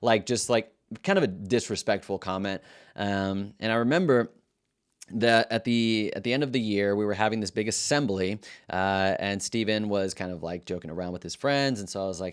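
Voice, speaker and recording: A man's voice: fairly low pitch, normal speed, smooth. A man who teaches middle school, telling stories in casual talk to camera, earnest and reflective, often restarting his sentences.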